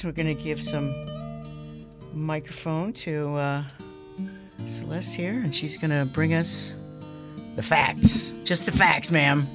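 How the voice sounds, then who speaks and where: A woman hosting a community radio show, chatty and playful. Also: low-pitched. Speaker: radio host. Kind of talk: casual radio chat. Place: radio studio.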